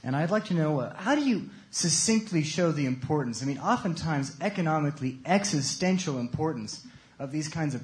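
A man's voice: a little high, a little mellow. A man from the audience asking the panel a question, groping for words and repeating himself. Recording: echoey room mic.

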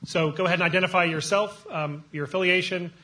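A man moderating a panel discussion, chatty and quick, often breaking off and restarting his sentences. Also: sits high, steady tone, pushed and bright.

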